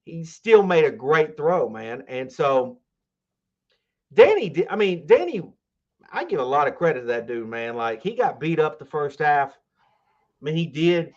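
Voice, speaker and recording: A man's voice: fairly high pitch, very animated, a little slow, muffled recording. A man co-hosting a sports podcast in casual chat, rambling and enthusiastic, full of fillers and restarts. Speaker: podcast co-host.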